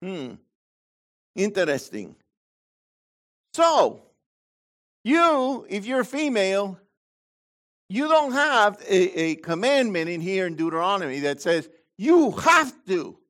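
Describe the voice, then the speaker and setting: A man preaching a sermon as pastor, swinging between loud high emphasis and low quiet asides. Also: very animated, takes it slowly, long pauses.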